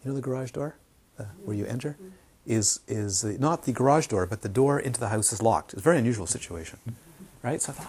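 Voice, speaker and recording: A man giving an informal Dharma talk to a small group, telling stories with animated asides. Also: mid-range voice, fast, slight background noise. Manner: animated storytelling, acts out quoted voices. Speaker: meditation teacher.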